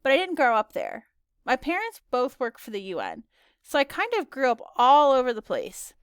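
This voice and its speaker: A woman's voice: high-pitched, wildly swooping pitch, moderate pace, clear, resonant tone, dry recording, voice pushed up, full character voice. A woman voicing a confident, well-traveled young girl with dry, lightly sarcastic humor in a storybook reading. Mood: breezy.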